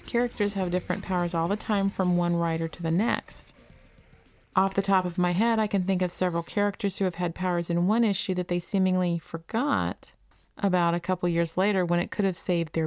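Low-voiced woman podcast host. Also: steady tone, brisk, faint music behind. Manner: reads quotes evenly, chats casually between them. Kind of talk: reading interview articles on a gaming podcast.

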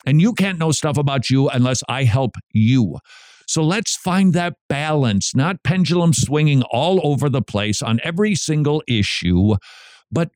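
A male radio show host talking with animated energy, his pitch jumping up and down as he jokes and acts out quick scenes. The studio sound is dry and close. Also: no echo. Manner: jokey, lively, acts out little scenes with voices. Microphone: studio mic.

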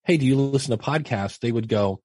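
A husky middle-aged man recounts his early days on a podcast, chatty and self-mocking. He slips into animated voices for the people he quotes. The sound is dry and close. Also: medium pitch, brisk, no echo. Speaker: podcast guest and teacher. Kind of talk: casual storytelling interview.

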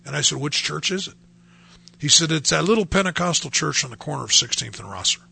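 A man's voice: fairly high pitch, lively intonation, fast, vocal fry, sharp tone, breathy edge. A man telling his personal faith testimony in a conversational way, acting out the voices he quotes. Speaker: speaker sharing his testimony.

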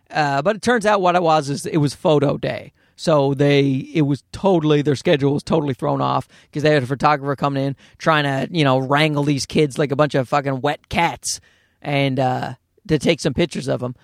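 A man telling a comedy story about his own child, swearing freely and breaking into ranting asides. His voice sits high for a man and swings widely in pitch. The sound is dry and close, with no room around it. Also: gravelly, dry recording. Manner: animated, profane, ranting asides. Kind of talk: comedic monologue.

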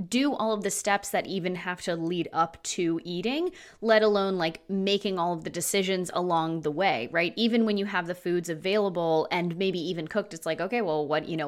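Low-voiced woman co-hosting a chatty podcast. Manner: thoughtful, explains at length with many "like"s and "right?"s. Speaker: podcast co-host. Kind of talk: casual podcast chat.

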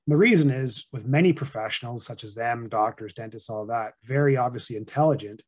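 This is a middle-aged man, speaking at an ordinary mid pitch. He explains saving habits like a patient advisor, steady and a bit monotone, in relaxed conversational podcast talk. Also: brisk, breathy edge. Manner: monotone, plain-spoken explainer. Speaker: financial advisor guest. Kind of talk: casual podcast interview.

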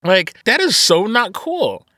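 A man's voice: sits high, big pitch swings, slow, pushed and bright, no room sound. A man co-hosting a podcast, chatting casually about a movie, swearing and laughing as he acts out lines. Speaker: podcast co-host. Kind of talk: casual chat, movie review.

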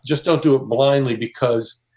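A man's voice: medium pitch, fairly even intonation, moderate pace, darkish tone. Explanatory man on a panel. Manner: explanatory, anecdotal. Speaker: co-author and panelist. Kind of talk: panel discussion.

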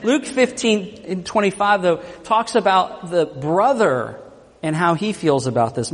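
Animated male pastor, fairly high voice. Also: measured pace, husky, big-room sound. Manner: animated, joking storyteller. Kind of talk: sermon.

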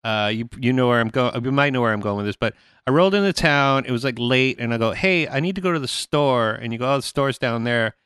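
A man's voice: medium pitch, fast, hardly any pauses, fairly bright tone, smooth, no room sound, clean studio sound. A man hosting a podcast, telling rambling stories in casual chat and laughing often. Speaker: podcast host.

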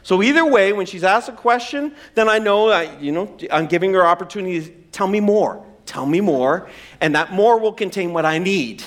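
A man's voice: high voice, normal speed, fairly bright tone. A man in his forties preaching a sermon, conversational and humorous with self-deprecating asides. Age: 40s. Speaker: pastor.

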